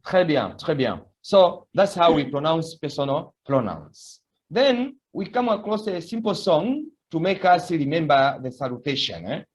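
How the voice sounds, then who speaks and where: A man's voice: on the high side, sing-song, unhurried. A man teaching a beginner language lesson, patiently repeating words for students to echo. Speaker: French teacher.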